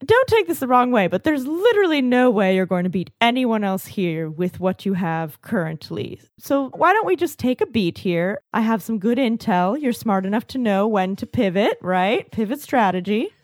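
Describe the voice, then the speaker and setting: A woman's voice: fairly high pitch, very animated, moderate pace, hardly any pauses, dry recording, studio quality. A woman voicing her tabletop character, a scheming adventurer who talks in a coaxing, condescending way.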